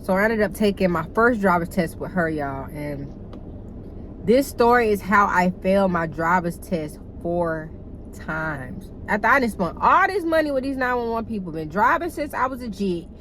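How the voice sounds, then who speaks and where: A young woman telling a casual storytime to her viewers in a chatty, animated way, cussing freely and calling them y'all. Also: medium pitch, normal speed, a little hiss or hum, poor audio. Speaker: vlogger.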